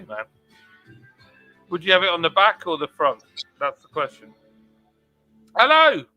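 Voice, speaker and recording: A man's voice: fairly high pitch, sharp tone. A man hosting a casual livestream chat, reading out viewer comments in a laid-back, chatty way. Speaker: livestream host. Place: home.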